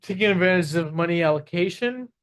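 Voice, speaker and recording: Emphatic high-voiced man with hiccups. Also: brisk, a bit bright. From Guyanese roots. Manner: confident, emphatic, repeats phrases. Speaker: podcast guest, HR tech executive. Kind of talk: casual interview talk.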